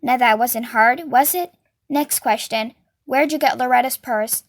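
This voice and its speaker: Casting: cold biker gang boss, quiet and threatening, read by a woman. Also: on the high side, unhurried. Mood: menacing. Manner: quiet and threatening, clipped questions.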